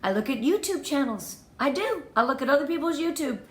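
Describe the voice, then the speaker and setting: A woman's voice: sits high, big pitch swings, brisk, reverberant. A woman leading a motivational training talk for her sales team, enthusiastic and emphatic, counting off tips and repeating her key points. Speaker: direct sales team leader.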